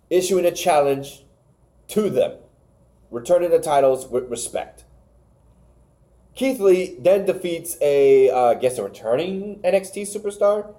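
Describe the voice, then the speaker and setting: Guy on a podcast going over wrestling, kinda high voice, warm and mellow, trips over names a lot. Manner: rambling, stumbles over names. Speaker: podcast co-host. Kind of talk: casual wrestling show recap.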